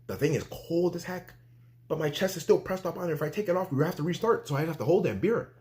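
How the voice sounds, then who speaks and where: A young man telling a storytime vlog, excitable and slangy, repeating filler phrases and acting out quoted dialogue. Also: a little high, fast talker.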